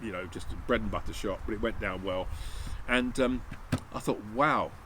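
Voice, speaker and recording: A channel host recounts a long hunting tale in casual storytelling mode, his voice on the low side, sharp in tone, at a normal speed. He meanders, restarts many times, and acts out conversations, all on poor audio with slight background noise.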